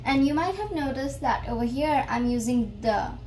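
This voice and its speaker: A woman teaching a beginner French lesson, explaining slowly and repeating each phrase carefully. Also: high-pitched, lively intonation, a little mellow, a little hiss or hum, low-quality recording.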